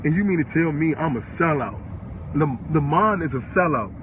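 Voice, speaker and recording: A man's voice: a little high, lively intonation, moderate pace, a little hiss or hum, rough recording. An eighteen-year-old man from the Chicago area, ranting on a livestream, furious and profane, repeating himself. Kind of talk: angry livestream rant.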